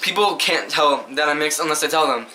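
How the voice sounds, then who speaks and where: A man's voice: fairly high pitch, lively intonation, brisk, sharp tone. Emphatic young man vlogging. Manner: emphatic and indignant, asks the viewer rhetorically. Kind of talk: casual vlog, answering questions to camera.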